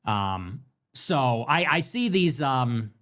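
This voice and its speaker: A man hosting a ranting political talk show. He talks in an animated way and swings between loud bursts and muttered asides. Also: mid-range voice, slow. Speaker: show host.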